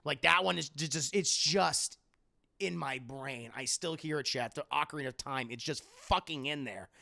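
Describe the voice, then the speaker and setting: A man chatting casually on a livestream, swearing freely and loudly imitating game lines. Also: a little high, normal speed, gravelly, no room sound, studio quality. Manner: profane, animated, quoting game lines in loud voices. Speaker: streamer answering viewer questions.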